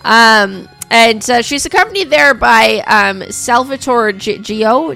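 A woman hosting a radio show, chatting casually and rambling with lots of fillers and restarts, a little hoarse from coughing. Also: on the high side, expressive, slow, bright, forceful tone, soft background music.

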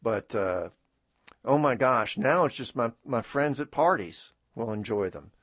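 A man's voice: medium pitch, animated, a little slow, a bit bright, dry recording. A man hosting a radio talk show in a studio, rambling in a chatty, self-deprecating way with many fillers and restarts. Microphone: studio microphone.

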